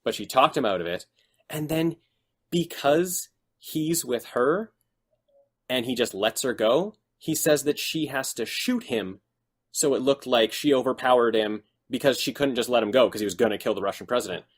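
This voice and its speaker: A man co-hosting a casual podcast, retelling scenes in an animated, exaggerated way. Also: mid-range voice, normal speed. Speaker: podcast co-host. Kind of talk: casual chat.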